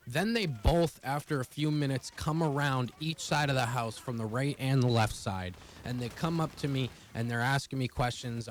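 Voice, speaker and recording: A young male vlogger with a medium-pitched voice rambles through a personal story for his viewers, casual and profane and fast. There's slight background noise.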